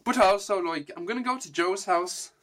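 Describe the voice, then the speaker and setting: Guy doing a super thick scottish accent, way higher than his own voice, goofy and loud. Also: moderate pace. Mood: playful. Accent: put-on Scottish. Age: young adult. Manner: loud, sing-song, playful. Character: exaggerated, very Scottish version of himself. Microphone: camera moved around.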